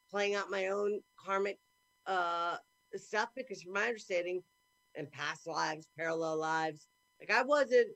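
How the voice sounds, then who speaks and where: A woman hosts a casual podcast chat. She talks in a rambling, earnest way, thinking out loud. Her pitch sits in the middle range. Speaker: podcast host. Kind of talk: casual conversation.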